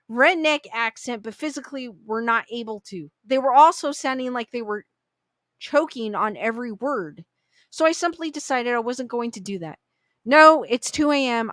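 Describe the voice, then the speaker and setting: A woman's voice: on the high side, a bit bright, dry recording. A woman reading online ghost stories aloud in a casual, chatty way, with little asides. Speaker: story reader.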